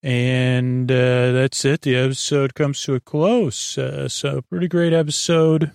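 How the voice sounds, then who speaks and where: A man's voice: mid-range voice, level tone, vocal fry, darkish tone, clean tone, dry recording, clean studio sound. A man hosting a podcast, rambling through a sleepy episode recap with lots of fillers. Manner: rambling, halting with many fillers; loosely quotes characters without doing voices. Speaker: podcast host.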